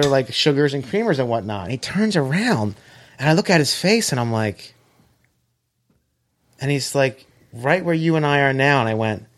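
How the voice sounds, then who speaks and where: A man telling a long story in casual chat, animated, swearing and acting out quoted dialogue. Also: a little high.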